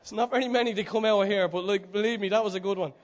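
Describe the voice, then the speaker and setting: A man preaching a sermon, swinging between loud urging and hushed, almost whispered passages. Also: high-pitched, steady tone, fast talker.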